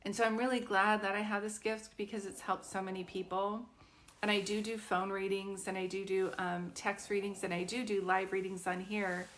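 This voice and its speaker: A woman in her fifties speaks at a middle pitch, chatty and earnest as she tells a personal story. She often stops and restarts her sentences and leans on casual fillers. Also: level tone, moderate pace, fairly bright tone. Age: 50s. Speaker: psychic medium.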